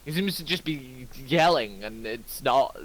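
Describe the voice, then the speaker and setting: Brief: male game master, slow and easygoing, average pitch. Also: low-quality recording. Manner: relaxed, with many ums and kinda. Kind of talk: narrating a tabletop game.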